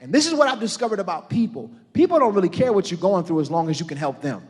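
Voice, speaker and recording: Middle-aged pastor, high-pitched, preaching with rising fervor, live in a church hall with a long echo. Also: male voice, lively intonation, quick pace, breathy edge. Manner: preaching with rising shouted intensity, calling on the congregation. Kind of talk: sermon.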